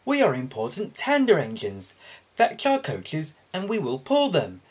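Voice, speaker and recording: A man's voice: on the high side, huge pitch swings, unhurried, slightly rough, exaggerated voice. A man reading a storybook and voicing a proud, sulky male steam engine in a huffy tone. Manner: huffy and sulking.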